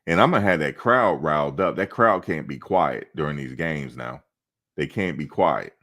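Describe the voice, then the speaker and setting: A man's voice: rumbling low, a bit bright. A male host of a football fan show, chatting casually in a playful, joking, slangy way and repeating himself for emphasis.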